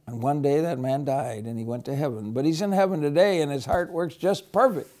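Soft-spoken, slightly high male children's teacher, gentle and reassuring. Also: brisk. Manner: gentle, reassuring storytelling, softening to a hush. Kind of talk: children's Bible lesson.

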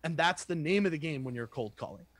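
A man who works as a sales trainer, giving a lively, conversational lesson and acting out sample phone calls. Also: a little high, fast talker, no room sound. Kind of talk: casual instructional talk with role-played calls.

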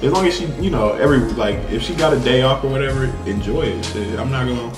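A young man hosting a casual vlog, relaxed and laid-back with easy slang. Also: medium pitch, quick pace. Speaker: vlog host. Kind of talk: casual chat. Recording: echoey room with music playing.

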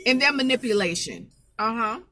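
A woman's voice: a little high, lively intonation, normal speed, pushed and bright, no room sound, soft background music. A woman preaching an informal spoken sermon, emphatic and folksy, repeating her phrases to drive the point home.

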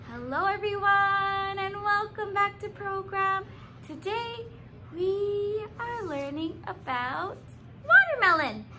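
A young woman leading a children's sing-along lesson, talking slowly and encouragingly to little ones. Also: very high-pitched, sharp tone. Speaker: early years program leader. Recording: distant mic with faint room noise.

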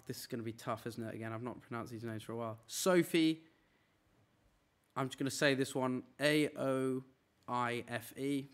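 A man's voice: mid-range voice, a bit bright, clear, resonant tone. A young man streaming from a room, chatting casually and rattling off a long list of names. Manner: rattling off names in a quick run. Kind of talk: casual live-stream chat. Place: apartment room.

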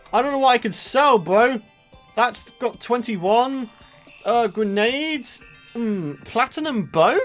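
Young guy doing let's play commentary, super animated, keeps ranting and blowing up, bit of game music behind. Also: very high voice. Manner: excitable, exasperated ranting with outbursts. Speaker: gaming channel host.

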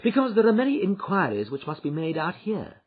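A man reading an audiobook, voicing a confident Victorian male detective with a crisp, assured delivery, pitched a little higher than his narration. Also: huge pitch swings, brisk, heavily acted. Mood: explaining. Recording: dull lo-fi recording.

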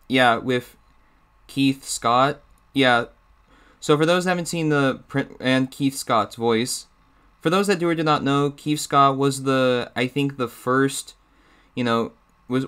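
A man talks casually to his viewers, rambling and hesitating with lots of fillers. His voice is smooth and clear at a middle pitch. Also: fairly bright tone. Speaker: YouTuber. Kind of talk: casual chat.

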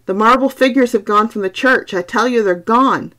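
A woman's voice: mid-range voice, a little fast, fairly bright tone, lightly acted. A woman voicing a frightened young Victorian husband who talks in an urgent, agitated way. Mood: frantic.

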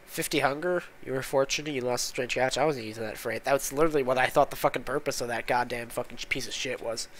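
Talking fast with hardly any pauses, this man has a mid-range, fairly bright voice, and there's slight background noise. As a gaming channel host he narrates his play in a loose, unscripted, exasperated way, cursing nonstop and grumbling whenever something goes wrong.

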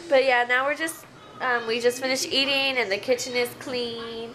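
A woman vlogging casually at home, chatty and excitable. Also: on the high side, moderate pace, poor audio. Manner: chatty, excitable, sing-song baby talk to her pets. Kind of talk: casual home vlog chat. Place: living room at home. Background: TV show with cheering audience playing.

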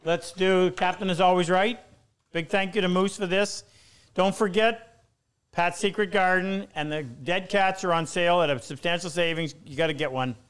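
A man's voice: sits high, moderate pace, fairly bright tone, clean tone. A middle-aged man hosting a live woodworking stream, chatting loosely with frequent restarts. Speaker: host.

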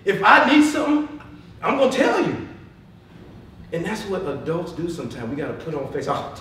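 A man in his thirties addresses a live audience as a motivational speaker, laughing often and moving between loud punchlines and hushed asides. He sounds distant from the mic, and the room's echo and steady background noise are clearly heard. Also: high-pitched, fairly quick. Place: meeting room with an audience. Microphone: far from the mic.

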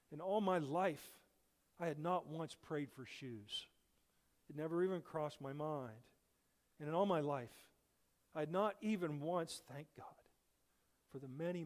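A man preaching with earnest, swelling emphasis, his fairly high voice carried from a pulpit. A long church reverb trails after each phrase. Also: darkish tone. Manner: earnest, rising and falling emphasis. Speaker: guest preacher. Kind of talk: sermon. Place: church sanctuary.

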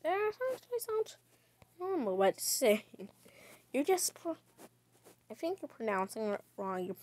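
A woman streamer giving chatty commentary on a game as she plays, breaking into sudden loud, excited outbursts. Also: sits high, measured pace. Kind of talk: gaming livestream commentary.

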